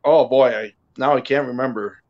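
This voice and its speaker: A man's voice: medium pitch, steady tone, moderate pace. Man chiming in on a lo-fi call. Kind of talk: casual chat on a video call.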